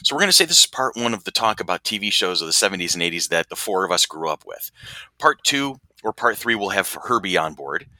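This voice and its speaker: Man, podcast co-host, casual chat, quick-talking, animated pitch, jokey, dry close sound. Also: no room sound, poor audio.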